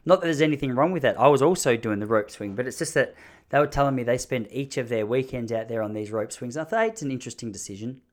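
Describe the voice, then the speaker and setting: A man's voice: mid-range voice, fast. A man in his thirties telling a story casually and with animation. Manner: animated, mimics the people in his stories. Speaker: vlogger.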